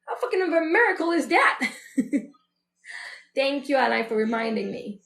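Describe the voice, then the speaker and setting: High-voiced woman in her thirties, roomy sound. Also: sing-song, normal speed, vocal fry, fairly bright tone. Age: 30s. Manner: candid, chatty, full of fillers and self-quoting. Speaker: show host. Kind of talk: personal reflective monologue. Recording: roomy echo.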